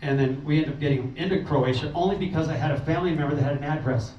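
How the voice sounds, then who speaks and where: The speaker is a man whose darkish voice sits on the high side; he keeps a steady tone while talking rapid-fire. In an informal meeting talk, he earnestly rambles about a refugee relief trip, with fillers and restarts. The meeting-room sound is roomy, distant, dull and faintly noisy.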